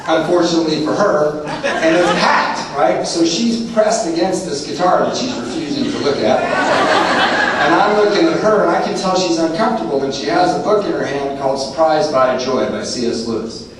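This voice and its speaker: A man's voice: on the high side, expressive, normal speed. Man, 40s, from California, recovery meeting speaker, humorous testimony with frequent laughter, distant mic in a very echoey hall. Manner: storyteller, often laughing. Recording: echoey hall from far off, noisy room.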